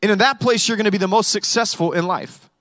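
A man's voice: high voice, fast, fairly bright tone, no room sound. A male pastor preaching a sermon in a conversational way, with humorous stories.

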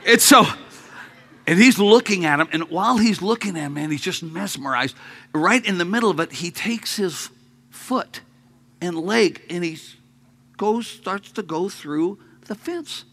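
A man preaching a sermon to his congregation, telling a story with jokes, dropping to quiet murmurs and then rising to loud outbursts. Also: on the high side, brisk. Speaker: pastor. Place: church sanctuary.

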